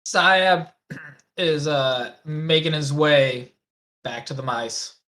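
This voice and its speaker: Male player, fairly high voice, relaxed chat that thinks out loud at the table. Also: very slow. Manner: easygoing, thinks aloud. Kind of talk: casual chat during a tabletop game.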